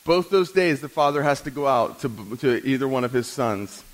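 A man's voice: mid-range voice, lively intonation, poor audio. Dramatic male pastor preaching a sermon. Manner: dramatic, swings from hushed to emphatic, slows down to stress points; teaches with questions to the congregation.

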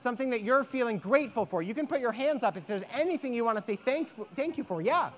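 A woman telling a folk tale to children, animated and inviting them to join in. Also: fairly high pitch, fast. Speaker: storyteller leading children. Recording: echoey hall.

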